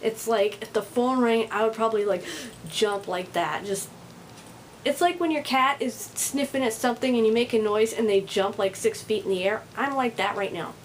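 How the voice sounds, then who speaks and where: An overstimulated woman rambles straight to camera in a casual vlog. Her voice sits a little high, pushed louder than usual, and sounds angry and on edge. There is a faint hiss underneath. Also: normal speed, low-quality recording. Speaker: vlogger.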